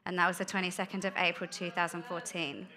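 A woman giving a candid sermon about her life, told as a chatty story with quick asides. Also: lowish voice, flat delivery, heavy background noise. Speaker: guest speaker. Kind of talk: testimony sermon.

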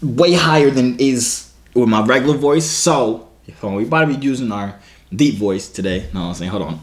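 A man's voice: mid-range voice, brisk. A young man vlogging in casual chat, slangy and asking "you feel me" again and again.

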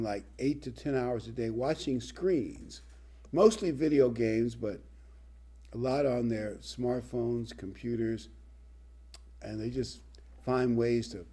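A man delivering a sermon with a husky, slightly breathy voice and a dark, mellow timbre. He reads scripture and drives his points home with emphatic, lively preaching. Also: medium pitch.

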